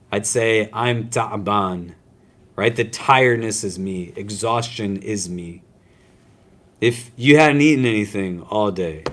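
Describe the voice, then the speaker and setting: Male imam, lowish voice, relaxed teaching talk, keeps checking in with the room, self-mocking jokes. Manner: conversational, often checks in with "right?" and "does that make sense?"; self-deprecating humor. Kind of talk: casual religious lecture. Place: lecture room at a university Islamic center.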